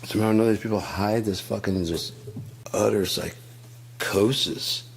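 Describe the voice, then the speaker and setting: A man with a very low voice rambles through a profane, storytelling rant. He talks casually and slips into acted quotes. His voice is deep and gruff. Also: steady tone, normal speed. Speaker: host.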